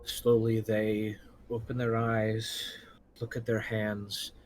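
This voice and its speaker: A man narrating a tabletop game as game master, describing the scene slowly. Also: lowish voice, monotone, slight background noise, rough recording. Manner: slow, drawn-out descriptive narration.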